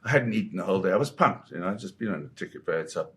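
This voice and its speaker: A man from Zimbabwe, a photographer guest, telling anecdotes in a lively raconteur's way and acting out the voices of people in his stories. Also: low-pitched, racing. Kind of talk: anecdotal storytelling.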